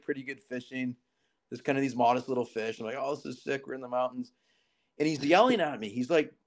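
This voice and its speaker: A man in his thirties from southern Alberta, a podcast guest telling a story casually and acting out the dialogue. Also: fairly high pitch. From southern Alberta, Canada. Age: 30s. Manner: animated, acts out quoted dialogue.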